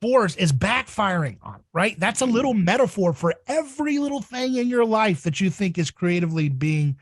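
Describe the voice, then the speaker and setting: A man hosting a casual podcast discussion, talking in a rambling, animated way. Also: normal speed, dry recording. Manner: rambling and animated, acts out voices in shrill squeals. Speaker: podcast host.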